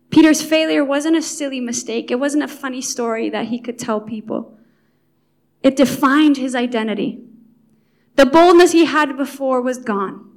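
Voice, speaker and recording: A woman preaching a devotional Bible talk with earnest feeling, dropping soft and then swelling loud for emphasis. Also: high-pitched, moderate pace.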